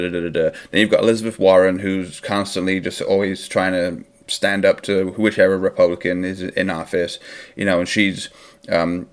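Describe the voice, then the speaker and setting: A man hosting a football watchalong stream, talking in a rambling, opinionated, casual way. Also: deep voice. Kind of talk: casual live-stream chat.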